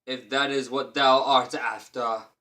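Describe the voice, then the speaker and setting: A man voicing a huge, boastful, dim-witted male giant, speaking loudly and slowly in a booming voice. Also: steady tone. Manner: loud, slow, booming.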